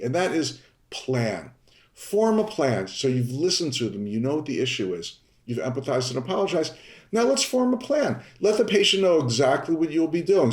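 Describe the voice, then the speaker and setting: Emphatic man coaching in an echoey room. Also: mid-range voice. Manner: emphatic coaching, drawn-out repeated words. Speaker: podcast host. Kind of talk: instructional podcast talk. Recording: roomy echo.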